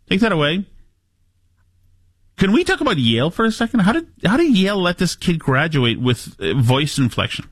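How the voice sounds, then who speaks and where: A man hosting a talk show, giving sarcastic, animated political commentary. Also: mid-range voice, no room sound.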